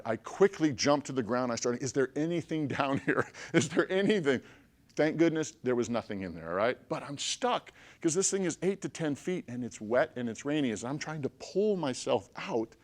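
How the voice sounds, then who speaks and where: A man telling a personal story to a group of listeners. He talks in an animated way, swinging between loud bursts and hushed stretches and checking in with his listeners as he goes. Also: medium pitch. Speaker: motivational speaker.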